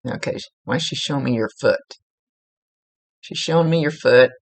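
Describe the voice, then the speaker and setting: A woman's voice: extremely low pitch, moderate pace, creaky, dry recording. A woman working as a psychic medium, giving a casual, rambling reading and often correcting herself mid-sentence. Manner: chatty, rambling, self-correcting.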